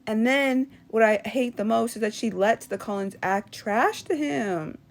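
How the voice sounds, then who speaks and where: A woman hosting a casual opinion vlog, talking in an animated, sassy way and mocking characters in put-on voices. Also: fairly high pitch, unhurried. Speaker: channel host.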